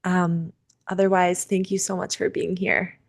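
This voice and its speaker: A woman leading a virtual seder, talking gently and unhurriedly on a video call, with fillers and restarts. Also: on the low side, little pitch movement, measured pace. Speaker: seder leader and teacher. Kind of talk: casual talk closing a virtual gathering.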